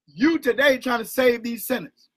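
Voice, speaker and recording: A man hosting an informal call-in bible study. He talks in an animated, slangy way and keeps asking "right?". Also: extremely high pitch, normal speed, rough recording. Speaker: bible teacher and host.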